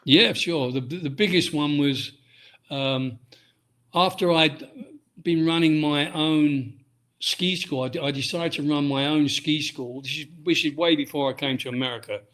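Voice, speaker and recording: A man's voice: a little high, measured pace, fairly bright tone. A middle-aged man from Britain, a ski instructor and author, talking casually in an interview and often restarting his sentences. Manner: rambling, frequent restarts and "um"s.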